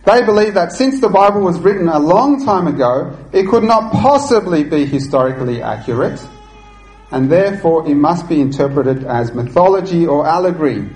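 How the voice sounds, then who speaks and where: A man preaching a sermon, earnest and deliberate, teaching with occasional fillers and restarts. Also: on the high side, expressive, a little mellow, echoey room, faint music behind, rough recording.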